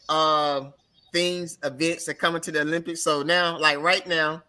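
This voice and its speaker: A man co-hosting a sports radio podcast, chatting in loose, animated and playful banter. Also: fairly high pitch, moderate pace. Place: radio studio.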